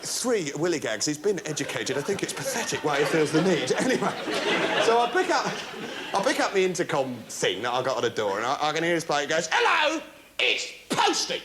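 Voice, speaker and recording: Male stand-up, high voice, swoops all over, loud noisy live TV recording. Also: quick pace, a loud crowd. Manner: animated, breathless storytelling with laughter. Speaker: stand-up comedian. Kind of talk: stand-up comedy routine. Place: studio stage before a laughing audience.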